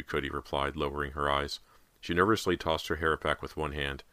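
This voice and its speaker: A man with a very deep voice reads a horror story in a measured, suspenseful way. His tone is bright and forceful, and the recording is dry and close, with no room sound around it. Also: little pitch movement, no room sound. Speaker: audiobook narrator. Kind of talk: scripted audiobook narration.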